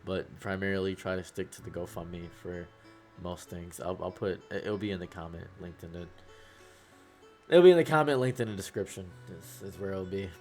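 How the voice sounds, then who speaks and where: A young man talking to camera in a halting, upset way, close to tears, repeating himself and trailing off. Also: deep voice, darkish tone, soft background music. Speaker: YouTuber. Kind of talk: emotional talk to camera.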